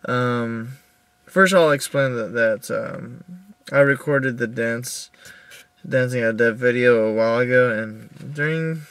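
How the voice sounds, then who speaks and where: A young man recording a personal video diary in his car, upset and halting, with many restarts as he tells what happened. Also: medium pitch, fairly bright tone, no echo. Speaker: video diarist.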